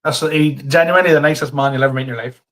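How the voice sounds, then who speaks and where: A man's voice: mid-range voice, fairly even intonation, very fast, over a noisy crowd. A man, co-hosting a podcast in an easygoing, agreeable chat and laughing readily. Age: 30s. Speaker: podcast co-host and stand-up comedian. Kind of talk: casual chat.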